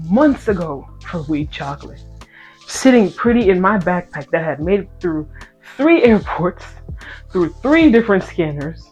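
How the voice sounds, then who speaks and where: Animated young storyteller, faint music behind. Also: mid-range voice, husky, dull audio. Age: 20s. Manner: animated, swinging between loud outbursts and hushed asides; playful slangy banter with viewers. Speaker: content creator. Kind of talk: casual storytime and Bible talk. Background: faint background music.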